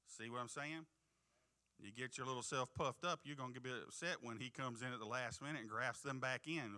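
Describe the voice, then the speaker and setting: A man preaching a sermon in church, reading scripture slowly and with emphasis and often asking the congregation "Amen?". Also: medium pitch, bright, forceful tone. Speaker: pastor. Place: church sanctuary.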